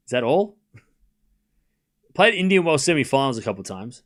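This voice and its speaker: A man hosting a live tennis watchalong stream, chatting loosely to his viewers and then calling rallies shot by shot, rising in excitement on big points. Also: medium pitch. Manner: rambling chat to viewers, then rapid shot-by-shot calls that rise when points get tense. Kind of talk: live play-by-play watchalong commentary.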